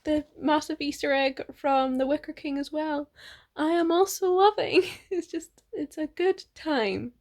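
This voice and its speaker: Young woman, bright high voice, casual reading vlog, gushing and chatty, filler-heavy. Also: a little slow. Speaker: book vlogger.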